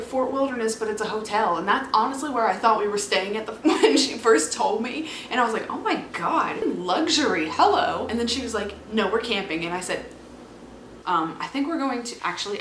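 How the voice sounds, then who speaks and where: A woman's voice: fairly high pitch, animated, fairly quick, fairly bright tone. A young woman from Virginia chatting casually to her phone camera in a rambling, self-mocking way. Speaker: vlogger. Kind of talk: casual vlog chat. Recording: echoey room with background noise.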